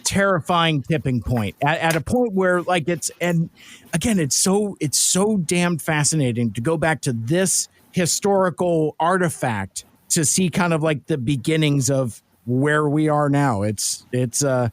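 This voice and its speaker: A man's voice: on the high side, animated, unhurried. A man co-hosting a casual podcast chat, rambling with lots of restarts and repeated words. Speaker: podcast co-host.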